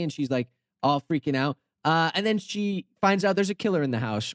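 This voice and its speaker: A young male host with a high, light voice tells a story in a goofy, rambling way, full of sarcastic asides. He is recorded on a close mic in a dry space with no room echo. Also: lively intonation, fairly quick. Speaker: channel host. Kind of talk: comedic storytelling commentary.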